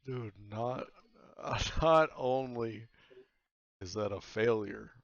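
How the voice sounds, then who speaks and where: A man's voice: medium pitch, extremely slow, gravelly, no echo, dull audio. A man running a tabletop game as game master, narrating loosely and laughing often.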